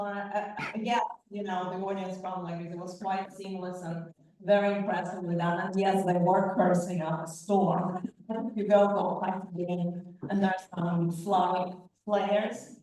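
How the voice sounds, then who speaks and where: A female professor moderating a film Q&A, asking questions with halting, hesitant phrasing. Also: medium pitch. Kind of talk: hosting a Q&A. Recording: roomy echo, far from the mic.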